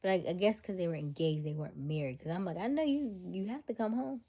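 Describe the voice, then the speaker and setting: A woman hosts a casual livestream and tells a story to her chat. Her voice sits a little low and sounds mellow and warm. She keeps the telling animated and full of disbelief. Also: quick pace, husky. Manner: animated, incredulous retelling. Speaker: livestream host.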